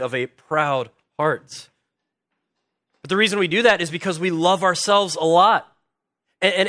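A man preaching a sermon as a pastor, swinging from hushed earnest lines to loud animated bursts. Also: high-pitched, dry recording.

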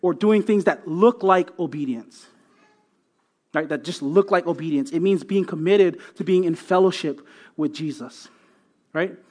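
A man's voice: a little high, unhurried, darkish tone. A man preaching a sermon as a pastor, emphatic and repeating words, often checking in with "right?". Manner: emphatic, tags many points with "right?"; repeats words while building a point.

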